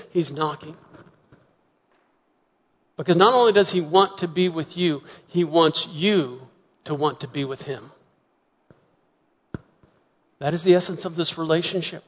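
A man preaching a sermon as pastor, earnest, often repeating words and slowing to soft, emphatic pauses. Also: on the high side. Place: church sanctuary. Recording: long hall reverb.

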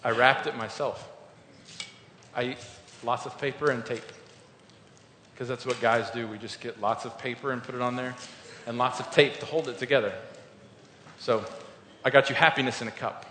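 A man's voice: mid-range voice, fairly even intonation, normal speed, long pauses, a little hiss or hum. Informal male preacher, storytelling sermon with emphatic surges, recorded in a reverberant hall. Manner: informal, storytelling, builds to loud emphatic peaks. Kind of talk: conversational sermon. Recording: echoey hall.

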